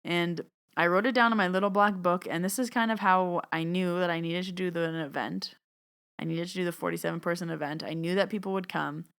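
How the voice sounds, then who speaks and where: A woman hosting her own podcast, telling a personal story in a chatty, animated way and acting out what people said. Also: fairly low pitch, brisk, clean tone. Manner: chatty, animated, acts out quoted dialogue. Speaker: podcast host and medium. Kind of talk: casual storytelling monologue.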